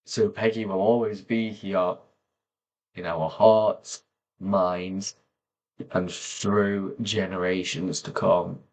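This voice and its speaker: A man talking slowly and softly to camera, pausing often as he reflects on personal memories. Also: sits low, level tone. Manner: slow, soft-spoken, pausing often. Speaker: vlogger.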